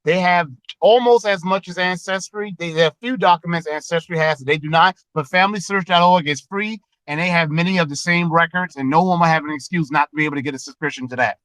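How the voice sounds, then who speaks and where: High-pitched guy calling in, dry close sound, quick helpful tip. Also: fairly bright tone, dry recording, poor audio. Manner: brisk, helpful, matter-of-fact. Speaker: caller. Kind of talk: call-in suggestion.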